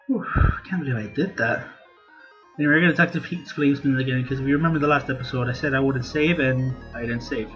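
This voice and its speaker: A man's voice: medium pitch, fast talker, fairly bright tone, lo-fi sound. Offhand male gamer over game music. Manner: offhand, self-mocking. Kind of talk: casual let's-play commentary.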